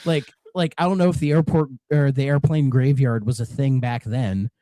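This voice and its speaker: A man's voice: medium pitch, fairly even intonation, moderate pace, dark tone, no echo. A man co-hosting a retro game podcast in casual, rambling chat, swearing and drifting into rants. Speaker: podcast co-host.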